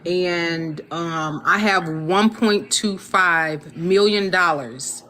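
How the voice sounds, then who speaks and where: A woman giving a casual testimonial, telling her story in an animated way and quoting what others said to her. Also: on the low side, extremely slow, a little hiss or hum. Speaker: guest sharing her experience.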